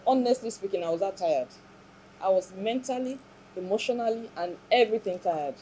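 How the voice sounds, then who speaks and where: Woman telling her story in an interview, earnest and reflective, soft mellow tone. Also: medium pitch, lively intonation, fairly quick, a little hiss or hum, low-quality recording. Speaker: interview guest. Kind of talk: emotional personal testimony.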